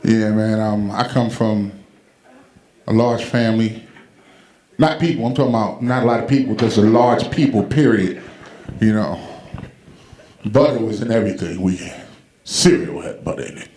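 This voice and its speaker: A man doing stand-up comedy, telling animated stories and acting out the people in them, on a club stage with a handheld mic. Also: on the low side, normal speed, pauses often. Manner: animated, acts out quotes with loud shouted punchlines. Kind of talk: stand-up storytelling.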